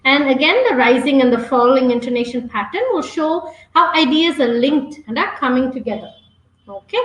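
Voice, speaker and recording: A woman's voice: high-pitched, moderate pace, roomy sound, rough recording. A woman teaching an online exam-prep webinar, coaching students and checking in with a frequent "okay?".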